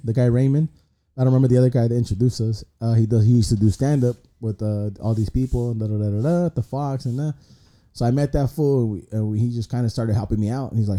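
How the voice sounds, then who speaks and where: A man's voice: mid-range voice, fast, dark tone. A young man, a guest comedian rambling through stories in casual, slangy podcast chat. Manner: rambling storyteller, slangy, peppered with 'bro'.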